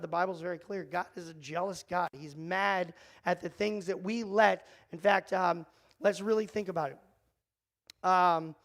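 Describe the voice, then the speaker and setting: A man's voice: high-pitched, fairly bright tone, no room sound, poor audio. A middle-aged man leading a church youth group, joking and teasing the kids as he teaches, speaking into a mic. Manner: joking, self-deprecating, talks to the kids in the room. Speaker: youth pastor. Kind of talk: casual youth group talk. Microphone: handheld or headset mic.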